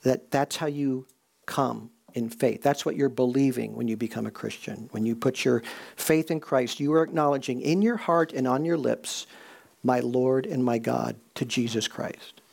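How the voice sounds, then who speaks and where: Gravelly-voiced man preaching a sermon. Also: mid-range voice, a little mellow. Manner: conversational preaching, slows for emphasis. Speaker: pastor.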